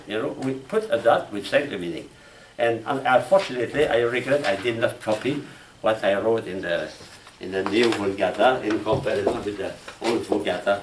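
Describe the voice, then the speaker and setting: A man from France with a French accent, giving a classroom lecture on logic, speaking haltingly with restarts and asking "huh?" and "you know?". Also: lowish voice. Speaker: logic instructor. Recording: echoey room from far off, faint noise.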